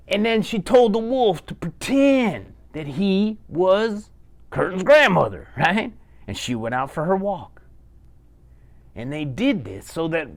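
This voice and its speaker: A man telling a children's bedtime story as a puppeteer, animated and chatty, often repeating himself. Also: a little high.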